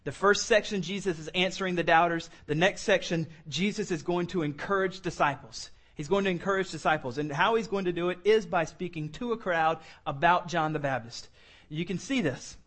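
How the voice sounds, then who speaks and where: Male pastor, high voice, casual joking sermon delivery. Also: fairly quick, a bit bright. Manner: conversational, joking asides. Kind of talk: sermon, verse-by-verse Bible teaching. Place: church room.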